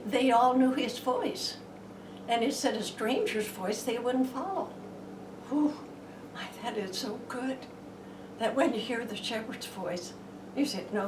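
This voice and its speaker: A woman gives a folksy Bible lesson, slow and unhurried, now and then sinking to a hush. Her voice sits a little high. The sound is distant and roomy, with a faint hiss behind it. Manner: homey and chatty, dropping to hushed tones. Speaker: Bible teacher.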